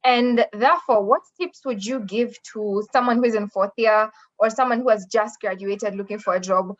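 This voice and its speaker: A woman's voice: mid-range voice, moderate pace. A woman moderating an online panel discussion, effusive and full of fillers. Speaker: webinar moderator. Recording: slightly dull lo-fi audio.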